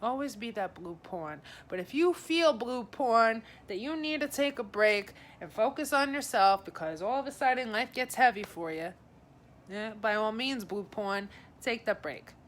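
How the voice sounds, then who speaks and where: A woman's voice: fairly high pitch, lively intonation, moderate pace. A woman giving a casual live psychic reading, chatting to viewers by name and passing on messages in a friendly, rambling way. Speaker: psychic advisor.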